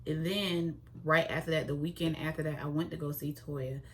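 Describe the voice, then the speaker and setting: Young female vlogger, low pitch, chatty and expressive, slight hiss. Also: moderate pace, rough recording. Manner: chatty and expressive, with sudden high-pitched exclamations. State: pregnant. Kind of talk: casual chat to camera.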